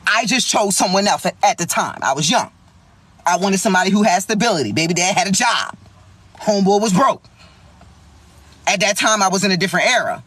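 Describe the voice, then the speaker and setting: A young woman telling a story in a vlog, animated, slangy and full of swearing. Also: medium pitch, a little fast, long pauses, breathy edge.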